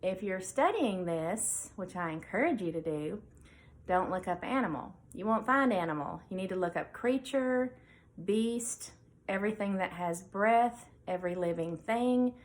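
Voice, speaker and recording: A woman veterinarian hosting her own show, talking casually about faith and reading scripture aloud between thoughtful pauses. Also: mid-range voice, animated, low-quality recording. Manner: conversational with fillers, reads scripture aloud. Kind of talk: casual devotional talk.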